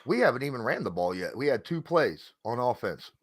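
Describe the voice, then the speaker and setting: A man's voice: mid-range voice, a little fast, dry recording, studio quality. A man hosting a live game reaction stream, calling the plays and greeting chat viewers. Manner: excitable play-by-play calls, greets chat viewers. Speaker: live stream host doing play-by-play.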